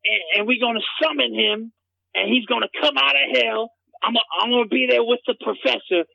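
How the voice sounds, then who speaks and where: A man's voice: very high-pitched, brisk, vocal fry, sharp tone, highs cut off, exaggerated voice. A man playing a rambling, dim-witted character who stumbles over his words and repeats himself, as a comedy bit.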